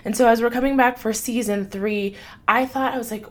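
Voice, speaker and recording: A woman's voice: a little high, fairly even intonation, a little fast. A woman hosting her own life-coaching podcast, talking in an upbeat, chatty, encouraging way. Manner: upbeat, chatty, warm enthusiasm with frequent laughs. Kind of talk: motivational podcast monologue.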